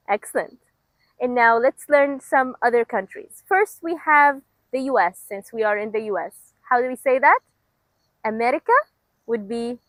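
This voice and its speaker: A young adult woman from Egypt teaching a beginner language lesson outdoors. She leads repetition drills slowly and clearly and praises the learners often. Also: on the high side, fairly bright tone, no echo, low-quality recording. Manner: slow, clear, encouraging drill delivery. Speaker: Arabic teacher.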